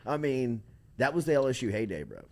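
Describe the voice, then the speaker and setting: A man hosting a casual sports talk show, telling animated, rambling stories full of restarts. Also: mid-range voice, a little fast.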